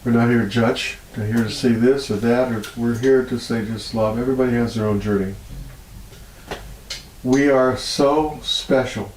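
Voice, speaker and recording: A man's voice: normal speed, echoey room, a little hiss or hum, poor audio. A man being interviewed as a healer, telling stories with much feeling and laughing often. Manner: animated storyteller, laughs often, voice rises high when moved. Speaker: healer guest. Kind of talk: storytelling interview.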